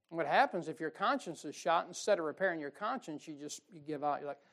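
A man's voice: a little high, expressive, quick pace, hardly any pauses. Folksy preacher man, fiery. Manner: folksy, emphatic preaching with sudden loud bursts and mocking quotes. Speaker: pastor. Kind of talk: fiery sermon.

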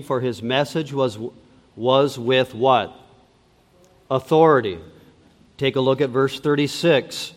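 A man preaching a sermon as pastor, stressing and repeating key words deliberately. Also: medium pitch, in a large hall. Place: church sanctuary.

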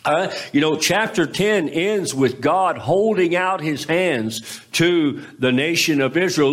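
A pastor preaches through a scripture passage with a somewhat high-pitched voice. He reads verses aloud and then explains them. He slips now and then and corrects himself without fuss. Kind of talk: expository sermon.

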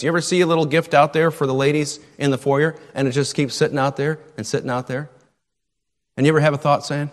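A man's voice: on the high side, little pitch movement, fast talker. A middle-aged male pastor preaching a sermon, repeating key phrases for emphasis. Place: church sanctuary. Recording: long reverb of a church hall.

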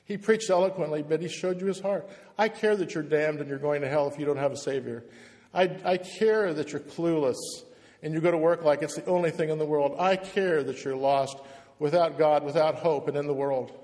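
A man's voice: a little high, brisk, a little mellow, long reverb tail. A man preaching a passionate, emphatic sermon to a room of pastors, hammering points home by repeating words. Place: church, speaking to pastors in the room.

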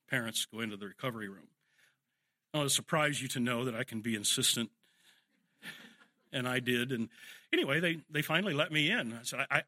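A man's voice: mid-range voice, bright, forceful tone, no room sound, studio quality. An older man preaching a sermon, telling family anecdotes and acting out firm commands to children. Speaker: pastor.

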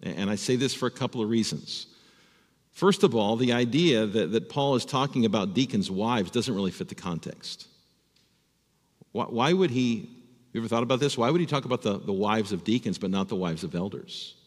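Earnest preacher in a reverberant hall. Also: male voice, fairly low pitch, animated, a little fast. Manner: earnest, repeats words when starting phrases. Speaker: pastor. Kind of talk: sermon. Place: church sanctuary.

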